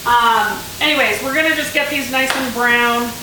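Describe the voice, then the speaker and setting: A woman's voice: a little high, moderate pace. A woman from Canada chatting casually through a home cooking vlog, full of rambling asides while she cooks. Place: home kitchen. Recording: very echoey kitchen, mic far off, frying noise. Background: food sizzling on a grill pan.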